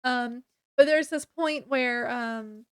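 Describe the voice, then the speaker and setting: Chatty high-voiced woman reviewing a book. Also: slow pace, clear, resonant tone, no echo, clean studio sound. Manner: chatty, many fillers, acts out quotes. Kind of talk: casual book review retelling.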